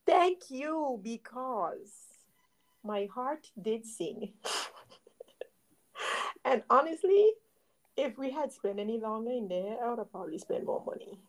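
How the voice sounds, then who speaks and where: A young woman co-hosting a podcast, chatting in a gushing, animated way and drawing words out for emphasis. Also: on the high side, measured pace, long pauses, poor audio. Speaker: podcast co-host. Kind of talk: casual chat.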